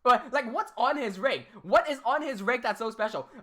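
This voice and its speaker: Lively, animated woman ranting on a livestream. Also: a little high, moderate pace. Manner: heated, profane ranting with frequent laughter. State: a bit tipsy from drinking. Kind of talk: livestream rant.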